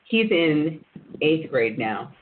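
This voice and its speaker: A man hosting an interview, talking in a chatty way and keeping up with steady affirming murmurs. His voice sits a little above the usual male pitch. The sound is narrow and phone-like. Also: takes it slowly, a little hiss or hum. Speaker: podcast host. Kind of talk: casual interview chat. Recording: tinny phone-line sound.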